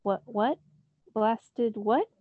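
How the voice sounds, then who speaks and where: A woman reading the lines of an excitable, outspoken boy hero in a storybook, exclaiming louder and higher than her narration. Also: extremely slow, no echo, phone-quality sound. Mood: agitated.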